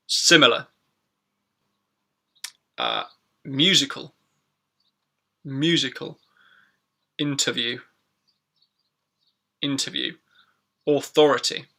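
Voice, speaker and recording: Male teacher, chatty, gravelly tone, live lesson. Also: medium pitch, sharp tone. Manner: chatty, repeats words slowly for learners. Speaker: English teacher. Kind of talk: live-streamed pronunciation lesson.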